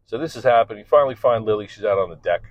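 A man's voice: on the low side, expressive, rapid-fire, no room sound. A middle-aged man telling a rambling, profane story in a casual, candid monologue. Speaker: podcast host and father. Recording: dull lo-fi recording.

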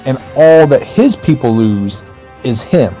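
A man's voice: mid-range voice, sing-song, takes it slowly, warm tone, muffled recording, soft background music. A man in a casual movie chat who swears and laughs while making his points.

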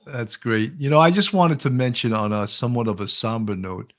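A man's voice: mid-range voice, lively intonation, fairly quick, fairly bright tone. A man hosting a talk show, speaking earnestly in a conversational way. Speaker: host, retired police officer. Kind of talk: casual chat.

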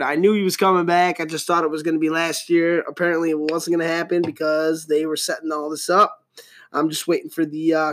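A man's voice: fairly high pitch, a bit bright. Rambling, cursing man in his thirties. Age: 30s. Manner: rambling, profane, joking. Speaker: podcast host. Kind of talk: casual solo podcast rant.

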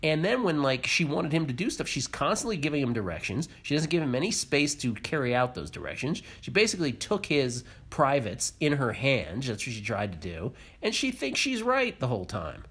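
Man, husky, animated pitch, casual podcast chat, opinionated, swearing. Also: brisk, few pauses. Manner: opinionated, swears, mimics people. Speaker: podcast co-host. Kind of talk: casual reality-TV recap chat.

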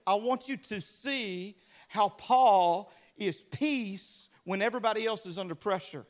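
A man from Louisiana with a Southern US accent, preaching a sermon as a pastor through animated, humorous storytelling with acted-out voices. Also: high-pitched, unhurried.

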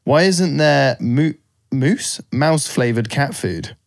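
A man's voice: mid-range voice, expressive, takes it slowly, gravelly. A man co-hosting a podcast, reading out silly questions in casual chat and laughing a lot. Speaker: podcast co-host.

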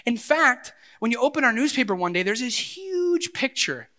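A middle-aged man preaching a sermon as pastor, animated and swinging between loud passages and hushed ones. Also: extremely high pitch, normal speed.

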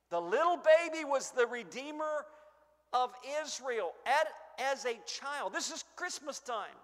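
A man preaching a sermon, emphatic, swinging between booming stresses and hushed asides. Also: expressive, unhurried. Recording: long echo of a church hall.

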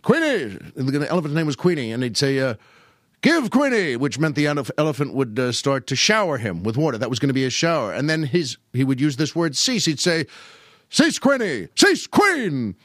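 A man's voice: fast talker, few pauses, dry recording, studio quality. An older man hosting a podcast, telling casual stories about old comedy and often slipping into put-on voices. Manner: animated, slips into high put-on voices quoting old comedians. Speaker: podcast host. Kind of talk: casual storytelling monologue.

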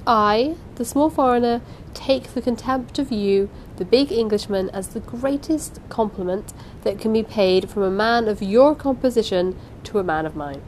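A woman's voice: fairly high pitch, moderate pace, darkish tone, slight background noise, lightly acted. A woman reading aloud and voicing a small, polite older foreign man who answers with dignified courtesy. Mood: polite firm. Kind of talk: audiobook reading.

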